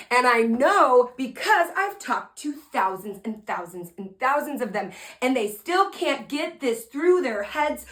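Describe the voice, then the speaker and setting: Lively woman motivational speaker, slightly high. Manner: lively and playful, with sudden loud emphasis and soft, earnest asides; talks to listeners directly, asking them to respond. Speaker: podcast host and motivational speaker. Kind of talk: energetic motivational storytelling.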